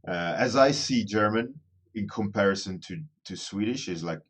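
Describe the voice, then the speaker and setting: A man's voice: on the low side, normal speed, husky. A man casually chatting with viewers during a livestream, rambling and self-deprecating, often restarting his phrases as he thinks aloud. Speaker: artist streaming a daily warmup.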